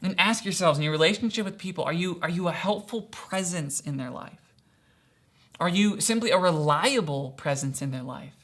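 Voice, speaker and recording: A man's voice: a little high, moderate pace, a bit bright. A man preaching as a pastor in an earnest, conversational sermon, often asking rhetorical questions and using casual fillers. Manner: casual fillers like "kinda" and "right?".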